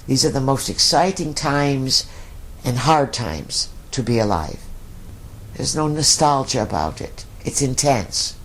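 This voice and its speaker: A man's voice: medium pitch, lively intonation, measured pace, a bit bright, slight background noise. A man speaking as a collective voice in a channeling session, using emphatic, repeated lists. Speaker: channeled speaker answering questions.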